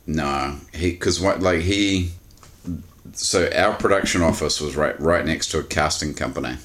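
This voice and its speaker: Very deep-voiced man telling a rambling story. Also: measured pace, fairly bright tone. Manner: rambling anecdotes full of fillers. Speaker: podcast co-host. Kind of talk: casual chat.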